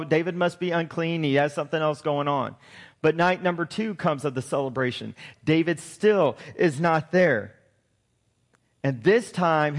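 A man preaching a sermon, retelling a scripture story in a lively way and reading verses aloud. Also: sits high.

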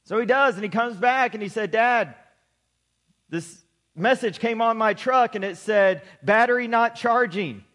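Pastor, middle-aged man, very high voice, emphatic sermon with casual joking asides. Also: fairly bright tone. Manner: preaching with slow emphatic build-ups, then chatty joking asides.

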